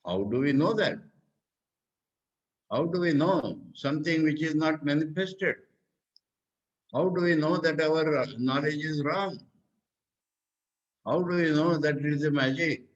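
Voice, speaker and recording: With lively intonation and a slightly high voice, a monk and teacher with an Indian English accent explains scripture slowly. He asks questions and answers them himself in this spiritual discourse, captured in a muffled recording.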